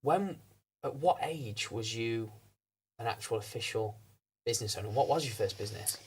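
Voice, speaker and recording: A man's voice: mid-range voice, moderate pace, breathy edge. A man hosting a podcast interview, asking long rambling questions and backing up his guest with lots of yeahs. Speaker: podcast host. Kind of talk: casual interview chat.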